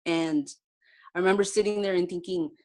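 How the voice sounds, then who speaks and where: On a video call, a direct-sales team leader tells her personal success story with heartfelt, conversational warmth and frequent fillers. Her voice is on the low side and a little mellow, fairly even in intonation, and she talks a little fast.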